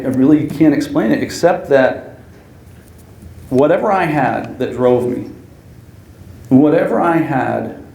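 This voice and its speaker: A man's voice: medium pitch, creaky, dark tone. A man giving an earnest, story-filled acceptance speech at an awards ceremony, laughing now and then. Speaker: hall of fame inductee. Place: banquet hall. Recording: echoey hall, faint room noise.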